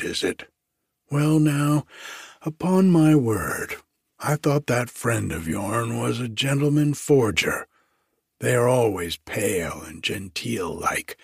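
A man's voice: on the low side, creaky, a bit bright, slightly rough, no room sound, studio quality, full character voice. A man doing a fawning, gossipy prison cook. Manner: obsequious, repeats "sir", folksy speech. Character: fawning chatty male prison cook, servile and nosy.

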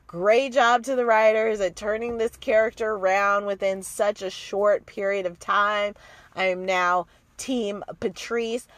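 A woman's voice: mid-range voice, steady tone, unhurried, dry recording. A woman giving a blunt, opinionated and profane recap of a TV episode in a casual chat. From outside the American South. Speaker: TV recap host.

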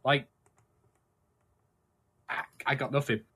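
Podcast co-host, husky, bright, swearing, emphatic, casual chat. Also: medium pitch, slow pace. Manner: emphatic, profane, animated complaining.

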